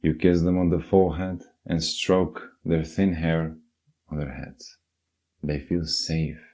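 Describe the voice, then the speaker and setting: Deep-voiced man, earnest narration. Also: level tone, measured pace, mellow. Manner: earnest, direct, addresses listener. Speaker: self-help narrator. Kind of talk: scripted motivational narration.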